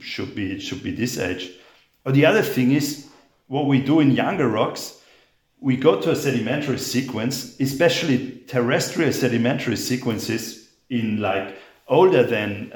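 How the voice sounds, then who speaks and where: A man explaining rock dating as a guest in a conversation, halting and repeating his words with many fillers. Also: mid-range voice, reverberant. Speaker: geologist guest.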